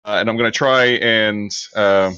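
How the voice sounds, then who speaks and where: A man's voice: fairly low pitch, fairly even intonation, normal speed, pushed and bright, smooth, no room sound, lo-fi sound. A man describing his character's actions in a tabletop game, rambling and full of fillers. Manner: loose, rambling with many fillers.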